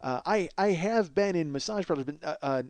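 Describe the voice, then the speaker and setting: A man's voice: on the high side, lively intonation, a little fast, darkish tone, no echo. A man in his forties hosting a comedy podcast, telling a rambling, profane, self-mocking story full of restarts. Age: 40s. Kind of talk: rambling comic monologue.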